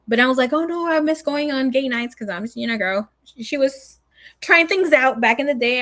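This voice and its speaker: A young adult woman tells a story in a casual, animated way, swearing a lot and acting out what people said. Her voice is mid-range.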